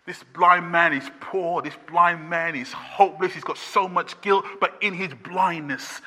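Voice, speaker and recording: A man preaching a sermon as pastor, impassioned and building to shouts with repeated refrains. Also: a little high, steady tone, unhurried, hardly any pauses. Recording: long reverb of a church hall.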